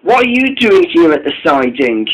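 A young man voicing a worried female tank engine from a storybook, halting and stumbling over words. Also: a little high, big pitch swings, husky, lo-fi sound. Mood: earnest.

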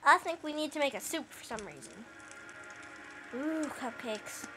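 A woman's voice: high voice, lively intonation, a little slow, over music, rough recording. A woman chatting playfully through a let's play, with quirky asides while reading the game's lines. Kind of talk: casual gameplay commentary.

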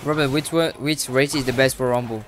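A man giving casual gameplay commentary, chatting with other players, who breaks into sudden shouts and laughter. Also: medium pitch, steady tone, a little fast, a little hiss or hum. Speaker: gaming YouTuber.

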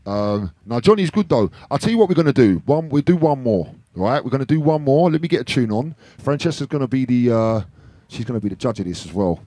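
A man's voice: medium pitch, animated, a little fast, mellow, no room sound. A man hosting a casual video with friends, playful and laughing often, repeating phrases as he talks. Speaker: DJ and video host.

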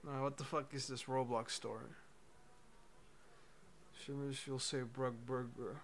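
Slow-talking mocking young male streamer. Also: mid-range voice, level tone, fairly bright tone, slight background noise. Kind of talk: casual livestream commentary.

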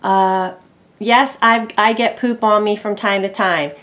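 A woman chatting casually at home about her pet bird, meandering with ums and asides and talking softly to the bird now and then. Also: medium pitch, fairly even intonation, unhurried. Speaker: bird owner vlogger. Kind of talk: casual explanatory chat.

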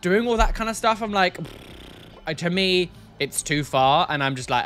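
A man's voice: high-pitched, animated, brisk, fairly bright tone. Exasperated man reacting bluntly. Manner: blunt, exasperated, sighing and repeating himself. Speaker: reaction video host. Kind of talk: casual reaction commentary.

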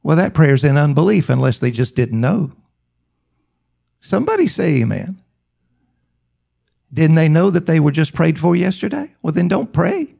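Male preacher, sermon storyteller, somewhat high pitch, gravelly, emphatic and repetitive. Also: expressive, warm tone. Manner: slow, emphatic, repetitive phrasing.

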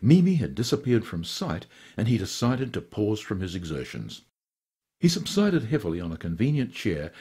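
Animated male storyteller reading aloud. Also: lowish voice, normal speed, faint music behind. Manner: lively, theatrical storytelling. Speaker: volunteer radio story reader. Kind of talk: expressive audiobook narration.

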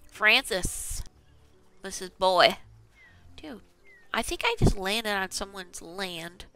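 A woman's voice: mid-range voice, expressive, slow pace, bright, forceful tone, smooth, soft background music. A woman casually talking to herself as she plays a video game, chatty and self-mocking. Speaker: gaming channel host. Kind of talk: casual gameplay commentary.

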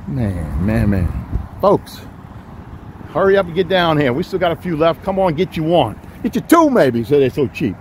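A man giving a folksy, joking walkaround sales pitch on a used car lot. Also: sing-song, moderate pace, darkish tone, a little hiss or hum. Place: outdoors on a rainy car lot.

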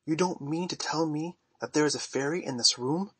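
A man's voice: a little high, normal speed, slightly rough, no echo, pitched above the performer's own voice. A man reading aloud, voicing an eager, well-bred young girl who asks breathless, wondering questions.

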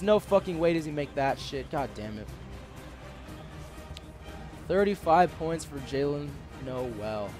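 A young man giving raging, expletive-filled commentary over his own basketball game, yelling and cursing at the players. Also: sits high. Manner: swears constantly, yells and curses at the game. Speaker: gaming channel host. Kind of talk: raging live gameplay commentary. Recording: game music behind the voice.

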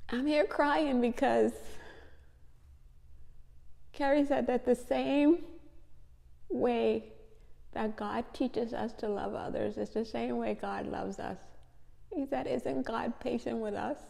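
A woman's voice: on the high side, slow pace, gravelly, warm tone, big-room sound. A tired, tearful woman speaking to her viewers in a heartfelt testimony, repeating her phrases. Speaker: faith vlogger.

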